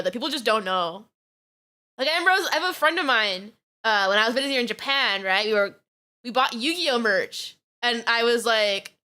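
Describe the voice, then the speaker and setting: A woman's voice: a little high, sharp tone. A young woman from New York chatting on a reaction stream, giggly and rambling, with lots of fillers. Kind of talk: casual reaction stream chat.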